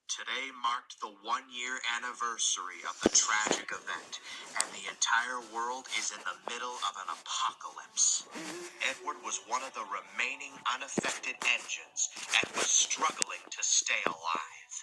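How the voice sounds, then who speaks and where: A man narrates a fan-made storybook in a low, hushed voice at a middle pitch. His reading stays quiet and even. A steady noise hisses beneath the home recording. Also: moderate pace.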